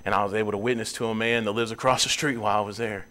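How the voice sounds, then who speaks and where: A young man preaching in a church, earnest, his voice climbing high and loud when he presses a point. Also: steady tone, racing, slight background noise. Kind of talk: sermon. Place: church sanctuary.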